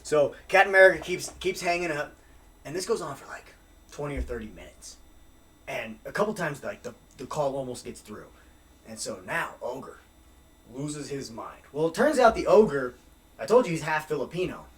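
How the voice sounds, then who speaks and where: A man's voice: on the high side, animated, normal speed, far from the mic. A man guesting on a podcast, telling a profane story casually and laughing through it. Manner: profane, laughing as he tells stories.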